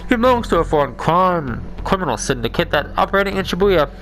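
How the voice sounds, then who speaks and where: A man doing a brisk police commander on the radio. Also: high voice, very animated, fairly bright tone, faint music behind, pitched above the performer's own voice. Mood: briefing.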